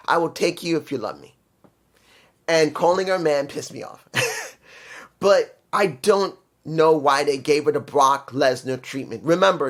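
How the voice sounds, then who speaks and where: Man in his fifties, slightly high-pitched, opinionated, rambling, casual review talk. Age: 50s. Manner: opinionated, rambling, frustrated asides. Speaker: wrestling commentary vlogger.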